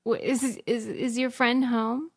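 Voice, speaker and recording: A woman co-hosting a casual podcast, teasing her co-host and laughing often during their quick back-and-forth. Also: on the high side, level tone, gravelly.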